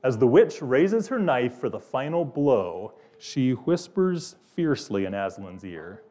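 A man's voice: mid-range voice, very animated, a little slow, hardly any pauses, dark tone. A male pastor preaching an earnest sermon, posing questions to his listeners.

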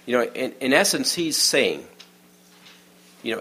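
A man giving a sermon in a conversational, storytelling way, often dropping to a hush for the quiet moments. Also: mid-range voice, sing-song, measured pace, husky. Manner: many restarts and fillers, informal aside. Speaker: preacher.

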